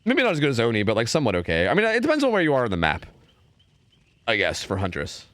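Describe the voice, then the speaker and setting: Lively, casual male game streamer. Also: mid-range voice, no room sound. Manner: casual, repeats words in quick bursts. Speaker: streamer casting game scrims. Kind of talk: live-stream game commentary.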